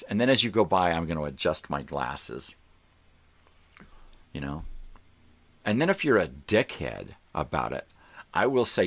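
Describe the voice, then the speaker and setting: A man's voice: low-pitched, a bit bright, no room sound. An older man hosting a morning livestream from home, ranting heatedly with lots of swearing and mocking impressions of other people. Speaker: host. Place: home room with a fan running.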